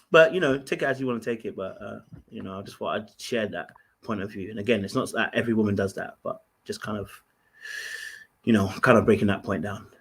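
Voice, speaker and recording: Husky man telling a story. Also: mid-range voice. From Ghana. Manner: animated storytelling, lots of fillers and restarts. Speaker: podcast guest. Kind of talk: casual chat.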